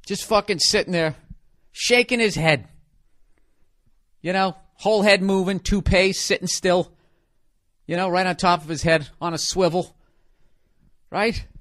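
Profane ranting comedian, fairly high voice. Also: male voice, a bit bright. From United States. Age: 40s. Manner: profane, sarcastic, conversational rant. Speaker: comedian podcast host.

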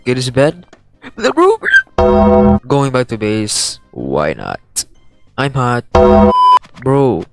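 Excitable man doing gameplay commentary. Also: mid-range voice, slow pace, gravelly, long pauses, over loud music. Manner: excitable, repeats playful taunts. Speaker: gaming channel host.

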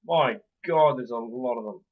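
A man's voice: mid-range voice, normal speed, narrow, tinny audio. Swearing man playing a game. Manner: swears often, swings from muttering to yelling. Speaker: gameplay commentator. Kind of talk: casual let's-play commentary.

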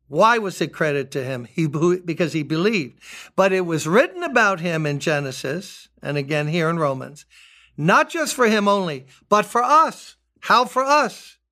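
An older man preaching a sermon as pastor, emphatic, repeating key words and rising high on his appeals. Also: sharp tone.

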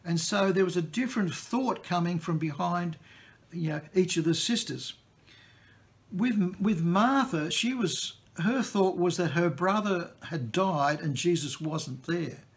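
A man's voice: high-pitched, measured pace. A man preaching a sermon in a plain-spoken, conversational teaching way.

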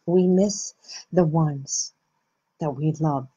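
A woman hosting a reflective self-help talk, speaking slowly and gently with soft pauses. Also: low-pitched, slightly rough. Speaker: host.

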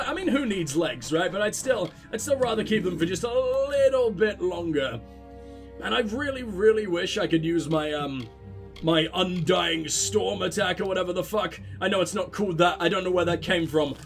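A man hosting a let's play, rambling through casual game commentary with self-mocking jokes and lots of swearing. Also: sits high.

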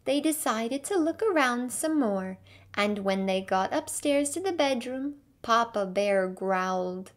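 Slow, careful woman storyteller. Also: a little high, animated. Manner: clear, careful storybook reading. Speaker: English teacher reading a story. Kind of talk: slow read-aloud for English learners.

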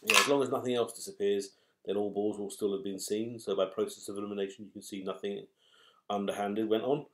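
A man hosting a live raffle draw, calling out numbers and names in a chatty, wry, unhurried way. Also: on the low side, fairly even intonation, a bit bright, a little hiss or hum. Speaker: raffle host drawing numbered balls.

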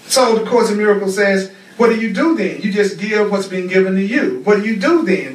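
A man's voice: sits high, lively intonation, a little fast, hardly any pauses. Fervent male teacher in a roomy echo. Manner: fervent, repetitive preaching cadence. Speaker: spiritual teacher. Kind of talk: teaching class. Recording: roomy echo, far from the mic.

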